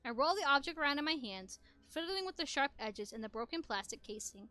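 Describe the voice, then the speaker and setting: A woman reading a visual novel aloud in expressive first-person narration on a headset mic. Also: sits high, a little fast, dry recording. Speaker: gameplay narrator.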